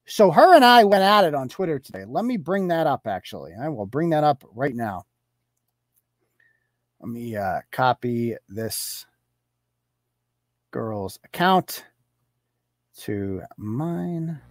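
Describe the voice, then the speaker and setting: A man's voice: fairly high pitch, sing-song, slow, long pauses, dry recording, clean studio sound. A man hosting a live online commentary show. He reads posts aloud off his screen and answers them in a mocking, profane, sarcastic way, chuckling as he goes. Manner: chuckles through his rants.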